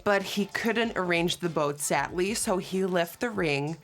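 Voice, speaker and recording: A woman, chatting as a beauty vlogger and telling a story while doing her makeup. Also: lowish voice. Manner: animated, acts out quotes, fast asides.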